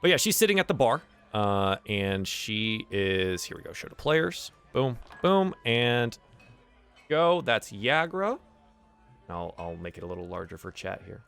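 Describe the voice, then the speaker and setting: A man's voice: on the low side, very animated, a little slow, vocal fry, a bit bright, clear, resonant tone, faint music behind. A man running a tabletop game as game master, narrating casually with plenty of fillers.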